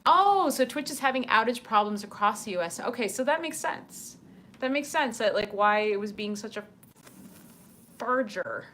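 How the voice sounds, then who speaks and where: A woman's voice: fairly high pitch, expressive, normal speed, bright, forceful tone, a little hiss or hum. A woman hosting a casual livestream from her apartment, chatting with viewers and reading their comments aloud with lots of ums. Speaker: livestream host.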